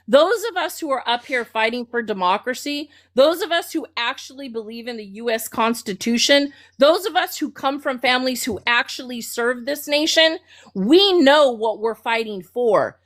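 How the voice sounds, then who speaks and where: A woman with a Southern US twang and drawl, lecturing scornfully as a co-host in a heated political argument. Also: high-pitched. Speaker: co-host of a live audio debate.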